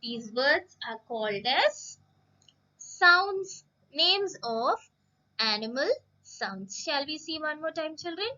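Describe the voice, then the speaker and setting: A woman teacher giving a slow lesson to young children, drawing out words and asking them questions. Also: sits high, lively intonation, sharp tone, dull audio. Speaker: primary school English teacher.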